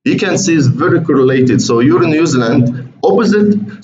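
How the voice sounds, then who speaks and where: Here the trading educator sounds animated, his mid-range, slightly mellow voice moving at a moderate pace. He walks through charts on screen share conversationally, repeating words and frequently calling viewers "guys," all captured in a roomy, muffled recording with faint hiss.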